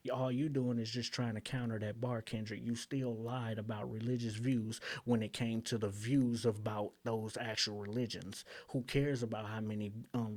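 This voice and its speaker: A man hosting his channel, breaking down rap lyrics in blunt, animated casual commentary full of slang and "um"s. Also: medium pitch.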